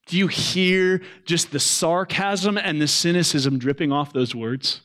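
A man preaching a sermon, earnest, swelling to loud emphasis and dropping to soft, low lines. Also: fairly even intonation, unhurried, few pauses. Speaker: pastor.

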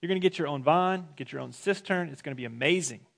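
A man's voice: on the high side, quick pace, vocal fry. A male preacher voicing a boastful, taunting ancient envoy in casual modern words. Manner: taunting, bargaining, swaggering.

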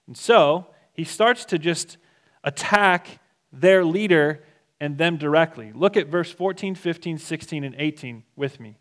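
A male pastor preaches a sermon with an animated delivery. His voice sits a little high, and he jumps between reading scripture and chatty paraphrase.

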